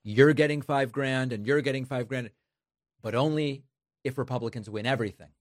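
A man's voice: mid-range voice, fairly quick, dry recording, studio quality. Sarcastic male political commentator. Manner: sarcastic, mocking impressions. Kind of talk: commentary on news clips.

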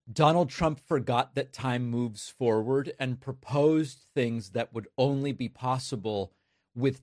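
A man's voice: mid-range voice, dry recording. Dry-voiced man delivering political commentary. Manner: emphatic, numbered points, sarcastic.

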